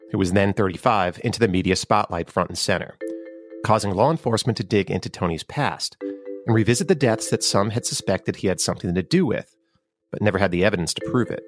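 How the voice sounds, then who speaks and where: A man co-hosting a true crime podcast, reading out trivia in an easygoing way and narrating from a script. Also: lowish voice. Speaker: podcast co-host.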